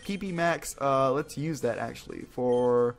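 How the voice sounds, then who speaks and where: A man doing casual let's-play commentary, excitable and talking to his game team. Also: mid-range voice, unhurried, creaky, faint music behind. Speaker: gaming YouTuber.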